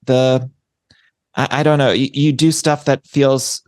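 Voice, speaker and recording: A male podcast host who gushes over his guest and steers the chat with quick asides. His voice is recorded close and dry, with almost no room sound around it. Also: medium pitch, little pitch movement, darkish tone, no room sound. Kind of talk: casual interview chat.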